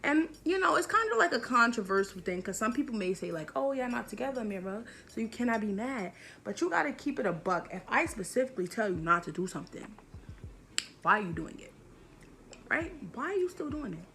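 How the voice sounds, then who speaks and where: Gravelly-voiced young woman telling a storytime. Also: fairly high pitch, big pitch swings, fairly quick, pushed and bright, a little hiss or hum. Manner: emphatic, slangy, repeats points for effect. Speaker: vlogger. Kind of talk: storytime vlog.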